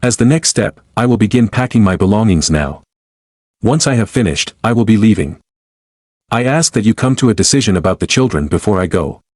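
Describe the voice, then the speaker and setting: Male narrator, low voice, dry close sound, formal and measured storytelling. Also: lively intonation, a little mellow, no room sound. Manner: formal, measured, cold and deliberate. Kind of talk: first-person story narration.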